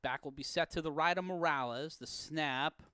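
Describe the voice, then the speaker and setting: A man calling an amateur football game play-by-play, profane and prone to erupting into shouts and laughter on big plays. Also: fairly high pitch, normal speed, clean tone, no room sound, studio quality. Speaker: play-by-play commentator. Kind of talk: sports commentary.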